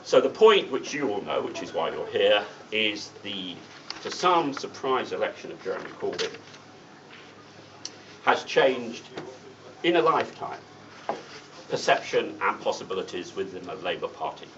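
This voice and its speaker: A man's voice: on the low side, big pitch swings, moderate pace, long pauses. Blunt man speaking from a distance. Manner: blunt, anecdotal, with sardonic asides. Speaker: guest speaker at a political meeting. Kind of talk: political speech. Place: meeting room. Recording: distant mic, dull sound, faint hiss.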